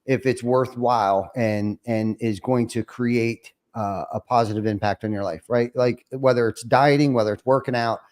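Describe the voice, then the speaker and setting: A man's voice: medium pitch, fairly even intonation, moderate pace, few pauses, darkish tone. A man hosting a podcast, talking in a reflective way and often restarting his sentences. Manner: reflective, many restarts and fillers. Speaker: podcast host. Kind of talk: casual interview chat.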